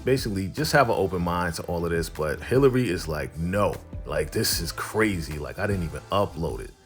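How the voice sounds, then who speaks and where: Slangy lowish-voiced man recapping a show. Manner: slangy, retells scenes as quoted back-and-forth. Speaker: TV recap host. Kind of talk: casual episode recap.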